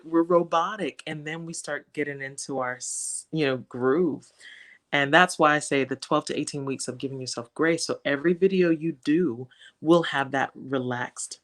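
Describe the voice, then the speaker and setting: A woman from West Africa talking as a guest in a casual interview, animated and laughing often. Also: sits low. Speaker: guest, social media creator.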